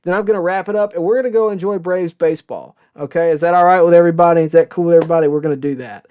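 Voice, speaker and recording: Smooth-voiced man hosting a casual sports stream. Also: a little high, very fast, highs cut off. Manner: casual, rambling storyteller with frequent "uh" and "okay?". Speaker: sports show host. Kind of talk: live-stream chat answering viewer questions.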